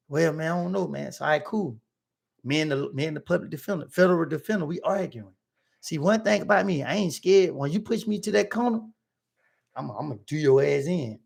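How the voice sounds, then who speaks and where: Storyteller: man, gravelly and a bit high, casual street talk, acts out every voice in his story for a livestream. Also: quick pace. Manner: animated, acting out both sides of arguments in his story; slangy street vernacular. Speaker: livestream host telling a story.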